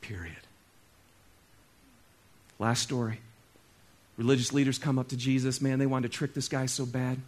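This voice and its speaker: A male pastor preaching a sermon, talking straight to his congregation and swinging between loud exclaiming and soft, hushed stretches. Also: medium pitch, fairly even intonation, normal speed, long pauses. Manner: conversational, talks straight to the congregation.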